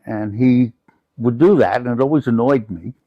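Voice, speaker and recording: A man's voice: medium pitch, normal speed, no echo, dull audio. An older man from the United States, a guest in an interview, telling personal stories in a reflective, anecdotal way.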